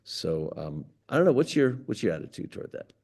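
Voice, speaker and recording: A man hosting a community conversation as rabbi, speaking haltingly and repeating words as he forms his questions. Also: low voice, big pitch swings, creaky, darkish tone, breathy edge. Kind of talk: conversational discussion.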